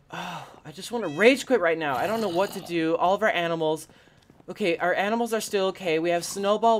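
A gaming channel host giving casual let's-play commentary, theatrical and expressive, talking straight to the viewers. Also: mid-range voice, slight background noise.

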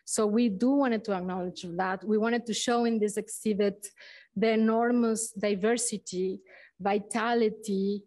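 A woman who is not a native English speaker, co-curator giving opening remarks at a museum exhibition, halting and searching for words with frequent restarts. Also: medium pitch, fairly even intonation, a little mellow. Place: museum event space.

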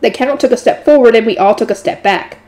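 A woman reading a light novel aloud in a steady narrating voice, adding her own asides. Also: on the high side, quick pace. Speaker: audiobook reader.

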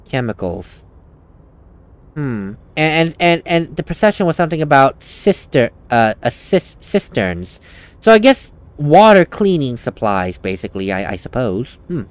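A man's voice: mid-range voice, sing-song, a little slow, smooth. Chatty, self-correcting male gaming host. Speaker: let's play host. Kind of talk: casual gaming commentary.

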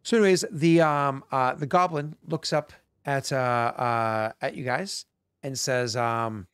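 A man's voice: mid-range voice, steady tone, a bit bright, smooth, no room sound. Male game master, rambling and full of fillers, worn-out voice, dry recording. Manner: rambling, halting, lots of fillers. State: voice worn from work. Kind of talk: narrating a tabletop game.

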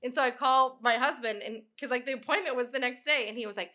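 A woman in her thirties, a sports broadcaster, chatting as a podcast guest and telling lively stories. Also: high-pitched, fast. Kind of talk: casual chat.

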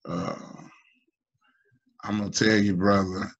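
A low-pitched man talks slowly and haltingly, restarting phrases as he gives heartfelt testimony. His voice climbs in pitch when he pleads. The sound is muffled, lo-fi video call audio. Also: level tone, gravelly, breathy edge. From United States. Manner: halting, full of restarts and fillers. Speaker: union member asking a guest. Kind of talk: emotional personal testimony in an online town hall.

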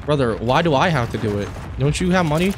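A young man streaming a shooter game, commenting live with profane, excitable and frustrated outbursts. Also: mid-range voice, fast, background noise. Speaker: gaming streamer.

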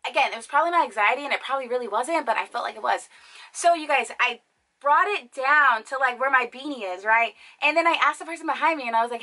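A young woman chats straight to her viewers, spinning a story with a bright, forceful tone that sits a little high. She keeps it animated and loose, full of fillers and asides. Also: brisk, low-quality recording. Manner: animated, chatty, lots of fillers. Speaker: vlogger. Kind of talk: casual storytelling to camera.

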